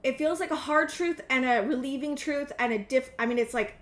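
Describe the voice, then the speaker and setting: A woman in her thirties with a fairly high voice talks through a tarot reading, rambling and intuitive, stopping and restarting as she goes. Her voice carries a noticeable room echo. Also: a little fast. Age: 30s. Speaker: tarot reader. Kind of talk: casual tarot reading to camera.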